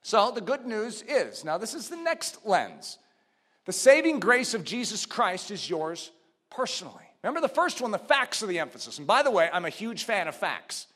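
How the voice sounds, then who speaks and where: A preacher man with a very high, bright, forceful voice delivers a sermon. He shouts key points, then falls to quiet, low asides. He builds rhythmic runs of repeated phrases. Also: big pitch swings, normal speed. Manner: swings from loud shouted emphasis to hushed low asides.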